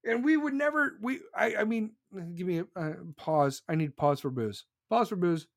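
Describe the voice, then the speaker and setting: Heated host, swears and repeats for emphasis; animated delivery, dry room. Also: male voice, high voice, moderate pace, gravelly, dry recording. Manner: profane, emphatic, repeats himself. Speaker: podcast host. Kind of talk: heated political rant.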